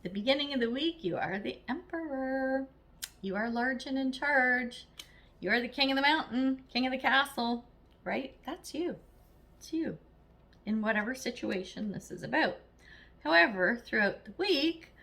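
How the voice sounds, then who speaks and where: A woman's voice: a little high, moderate pace, a bit bright. A woman giving a casual, chatty tarot reading, blunt and encouraging, acting out little quoted voices as she goes. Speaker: tarot reader.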